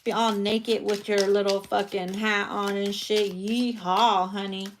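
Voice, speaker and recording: Casting note: woman tarot reader, playful and bawdy, quick slangy asides, mid-pitched voice. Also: level tone, noisy background. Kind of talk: casual tarot reading monologue.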